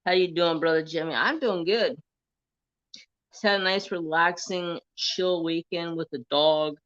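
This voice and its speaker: A man's voice: fairly high pitch, steady tone, a little slow, fairly bright tone, dry recording, highs cut off. A man hosting a casual crafting live stream from his phone, telling stories in a laid-back way, swearing and laughing often. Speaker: livestream crafting host.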